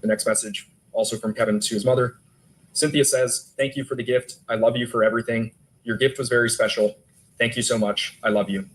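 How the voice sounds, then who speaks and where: A man's voice: mid-range voice, flat delivery, a little fast, rough recording. A male detective testifying in court, steadily reading text messages aloud. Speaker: detective witness.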